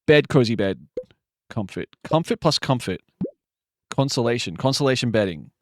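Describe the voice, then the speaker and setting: A man streaming a word game live, muttering guesses to himself with sudden excited outbursts. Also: mid-range voice, normal speed, dry recording, studio quality.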